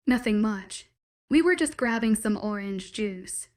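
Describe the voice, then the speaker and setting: A woman's voice: mid-range voice, animated, a little slow, close to an everyday voice. A woman voicing a sarcastic young man in a storybook reading. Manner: sarcastic, eye-rolling.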